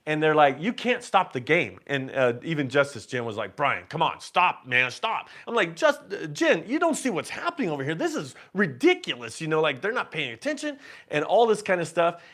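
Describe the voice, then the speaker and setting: Male host, casual live-stream storyteller, animated, quick to laugh, fairly high voice. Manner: animated, acts out his own quotes louder and higher; many restarts and laughs.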